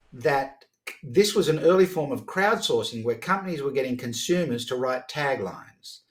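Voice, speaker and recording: A man in his fifties with a voice that sits at an ordinary middle pitch, talking as a podcast guest. He tells stories in an animated, conversational way and keeps breaking off to restart his sentences. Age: 50s. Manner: animated, quick to act out dialogue, frequent restarts. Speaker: podcast guest, sales strategist. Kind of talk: conversational storytelling.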